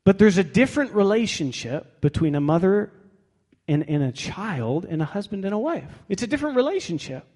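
Wry preacher in a reverberant hall. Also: male voice, high-pitched, big pitch swings, fairly quick, a little mellow. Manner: conversational, wry, reads scripture aloud. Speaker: pastor. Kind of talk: sermon.

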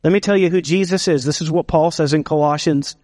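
A man with a high voice preaches a sermon, his words ringing through the long reverb of a big hall. He builds emphasis with drawn-out pauses and slips in playful asides to the congregation. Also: steady tone, a little mellow. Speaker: pastor.

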